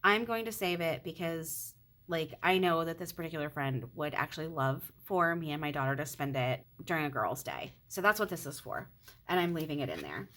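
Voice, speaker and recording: A woman's voice: deep voice, expressive, brisk, a bit bright. Chatty woman counting cash aloud. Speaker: budgeting vlogger. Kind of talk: casual chat while counting cash.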